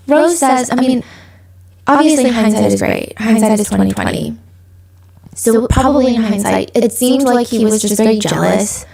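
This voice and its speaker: A woman hosting a true-crime podcast, telling the story in a chatty, animated way and acting out the people she quotes. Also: medium pitch, moderate pace, gravelly. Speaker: podcast host.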